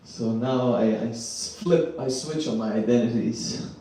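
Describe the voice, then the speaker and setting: A man in his thirties from Germany doing a stand-up set, loose and halting with lots of ums and frequent laughter at his own jokes. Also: mid-range voice, warm tone. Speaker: stand-up comedian. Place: small comedy venue. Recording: roomy, distant club mic with faint noise.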